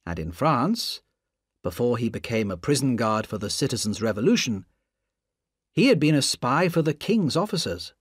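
A man from Indonesia reading a story aloud in a slow, deliberate way. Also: medium pitch, big pitch swings, slightly rough, no echo, clean studio sound. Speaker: narrator.

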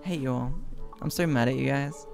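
Gravelly man mock-ranting at chat. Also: mid-range voice, brisk, a little mellow. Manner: mock-angry banter with chat. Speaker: gaming streamer. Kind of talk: gameplay commentary. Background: game music.

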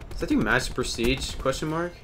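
A man hosting his own gaming channel, giving live gameplay commentary with an excitable manner, loud outbursts and goofy banter. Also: mid-range voice, a little fast, noisy background. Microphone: webcam or desk mic.

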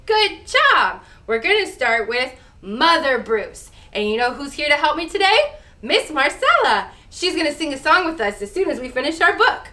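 A woman, a children's librarian, hosting a storytime with sing-song, encouraging, expressive reading. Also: high-pitched, normal speed.

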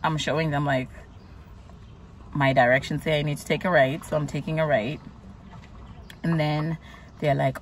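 A woman's voice: deep voice, level tone, normal speed, long pauses, recorded from a distance, slight background noise. A woman vlogger casually recounting her week, exasperated and chatty, full of "like"s. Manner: chatty, exasperated retelling with many "like"s. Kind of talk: casual storytelling vlog.

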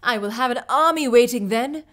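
A woman's voice: a little high, normal speed, voice pushed up, natural voice. A woman voicing a paranoid, furious young male king who barks commands in an audiobook reading. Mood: frantic. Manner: shouting, commanding. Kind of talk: audiobook character voice.

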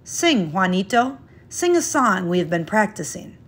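A woman voicing a kind schoolteacher with a warm, encouraging manner. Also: mid-range voice, very animated, a little slow, slightly rough, heavily acted.

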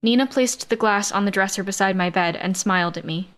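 Her medium-pitched voice narrates a science-fiction romance audiobook in first person, steady and even with no fuss over the action. The pace runs a little fast, with hardly any pauses.

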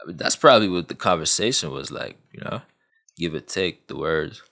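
A man's voice: low-pitched, expressive, normal speed, creaky, pushed and bright. A man telling a true story in a casual, rambling way, full of fillers and asides.

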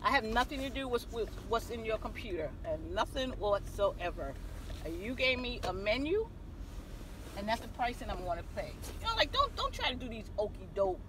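A woman vlogging from her car, telling a story in an animated way and acting out the dialogue. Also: a little high, a little fast, background noise. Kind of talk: car vlog rant. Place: inside a parked car.

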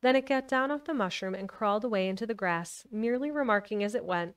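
A woman's voice: medium pitch, fast, few pauses, clear, resonant tone, distant mic. A woman streaming a live book reading, narrating and chatting casually with her viewers. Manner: chatty, laughs often. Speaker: streamer reading a novel aloud.

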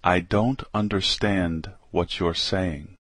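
A man reading common English phrases one by one for learners, slowly and with careful enunciation. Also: deep voice, fairly even intonation, a bit bright, no echo.

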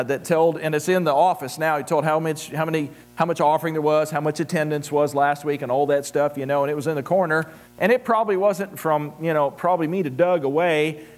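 A middle-aged man preaching a sermon as pastor, praying and then telling folksy personal stories, often repeating words as he restarts. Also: a little high. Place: church sanctuary.

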